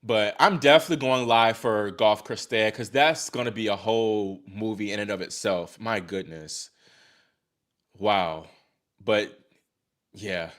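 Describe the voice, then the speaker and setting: A young man from Virginia hosting a casual live stream, chatting excitedly with viewers, sighing and exclaiming as he reacts. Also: on the low side, a little slow. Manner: excitable, talks to chat, sighs and exclaims. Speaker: livestream host reacting to tennis.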